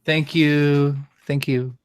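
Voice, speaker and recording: A man's voice: a little high, little pitch movement, takes it slowly, smooth, no room sound. Joking man chatting casually. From Netherlands. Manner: joking, doing voice impressions. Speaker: YouTuber guest. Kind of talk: casual chat.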